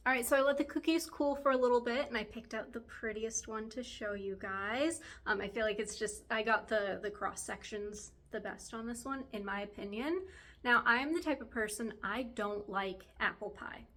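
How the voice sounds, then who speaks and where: A woman's voice: a little high, moderate pace, a bit bright. A woman vlogger chatting casually to camera while baking in her home kitchen, rambling and laughing often.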